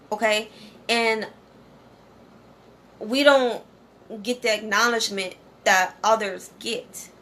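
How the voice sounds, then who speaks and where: A channel host talks casually and directly to her viewers in a mid-range, fairly bright voice. Conversational in manner, she keeps checking in with "okay?" and repeats "you know."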